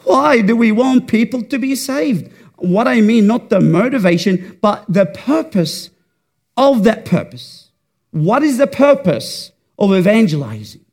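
A man's voice: high-pitched, very animated, a little slow, darkish tone. A man preaching a sermon, fervent and rhetorical, repeating words for emphasis.

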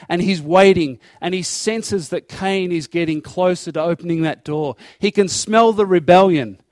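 Guy preaching a sermon, earnest, kinda high voice, dry close sound. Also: dry recording. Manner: earnest expository preaching, acting out God's voice in quotes.

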